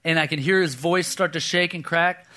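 A man's voice: on the high side, normal speed. A man in his thirties preaching a sermon, telling a personal story and acting out the voices in it. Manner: animated storyteller, acts out voices, drops to a hush for quoted lines. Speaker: pastor.

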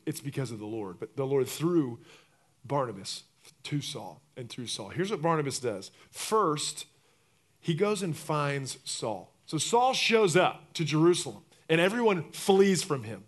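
Animated preacher man, loud to hushed. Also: mid-range voice. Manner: lively storytelling, acts out voices, swings from loud to hushed. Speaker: pastor. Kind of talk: sermon.

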